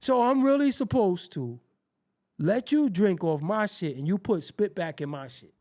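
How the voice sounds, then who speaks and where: A man hosting his show, telling a comedic, profane story in an animated way and acting out the quoted voices. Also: high-pitched, measured pace. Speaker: show host.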